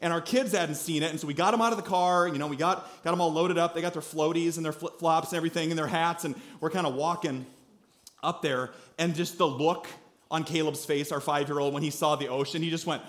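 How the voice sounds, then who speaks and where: A man in his thirties preaching a sermon in a church, telling a family story and acting out quotes loudly. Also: a little high, steady tone, a little fast. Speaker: pastor.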